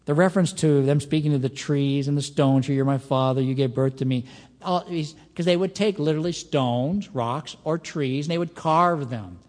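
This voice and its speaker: A man's voice: fairly high pitch, moderate pace, a little mellow. A man preaching an expository Bible sermon, explaining scripture conversationally with emphatic rises. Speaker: pastor. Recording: long hall reverb.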